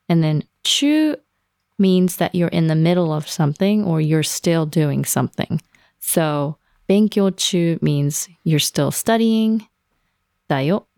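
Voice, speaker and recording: A woman with a low, gravelly, mellow voice walks through phrases at an unhurried pace. She laughs often between explanations. The sound is dry and close. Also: no echo. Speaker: language teacher. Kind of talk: casual language lesson.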